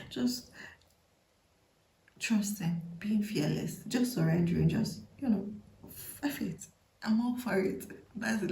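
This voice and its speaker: A woman giving a tarot reading, talking straight to the listener in a breathy half-whisper full of playful asides. Her voice is dark and gravelly. The room has a clear echo. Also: medium pitch. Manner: breathy half-whispered delivery, playful, chatty with many likes. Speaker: tarot reader. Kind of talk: intuitive reading to camera.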